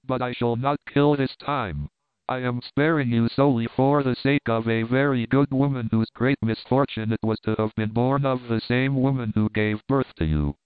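A man reading the lines of a powerful, jungle-raised hero in an audiobook, making calm, deliberate threats. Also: mid-range voice, no room sound, lightly acted. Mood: menacing. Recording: crisp, dry, phone-like narrow sound.

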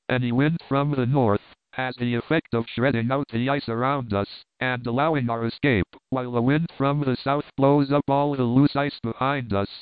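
A man giving a measured, even narration of a classic story. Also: medium pitch, clear, resonant tone, no room sound. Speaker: audiobook narrator. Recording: narrow phone-like band, dry.

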